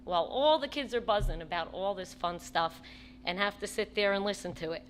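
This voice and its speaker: A woman who is a parent giving an impassioned, pleading public comment at a school board meeting, often halting and restarting. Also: medium pitch, a little hiss or hum.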